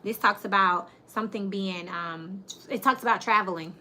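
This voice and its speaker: A woman reads tarot in a loose, chatty monologue, blunt and plain-spoken as she talks straight to her viewers. Her voice is bright and forward, with a faint hiss behind it. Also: medium pitch, normal speed. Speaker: tarot reader. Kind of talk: casual tarot reading monologue.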